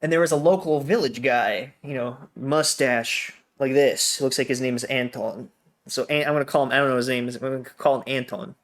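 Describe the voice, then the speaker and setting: A man's voice: medium pitch, normal speed, a bit bright. A young American man from Colorado, a guest in casual conversation, telling stories animatedly and laughing often. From Colorado, USA.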